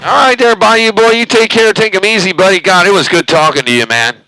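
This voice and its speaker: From his bedroom at home, a man hosts a channel on a CB radio mic, chatting casually in a rambling, folksy way full of hesitant fillers. His voice sits high, a little fast, bright and forceful, on a rough recording.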